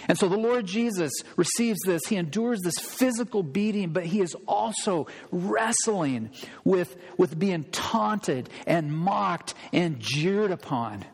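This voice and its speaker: A male pastor delivers a lively sermon in a slightly higher voice, talking straight to his congregation. He bursts into loud, acted-out quotes now and then. The sound carries a long reverb from a large church hall. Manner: animated, acts out scripture quotes with sudden loud outbursts; addresses congregation directly, rhetorical questions. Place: church sanctuary.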